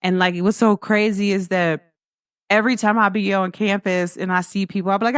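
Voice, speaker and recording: A woman's voice: medium pitch, a little fast, smooth, no echo, studio quality. A young woman, hosting a casual spiritual pep talk and acting out quoted voices with frequent laughs. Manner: animated storytelling, acts out quoted voices, laughs often. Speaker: host.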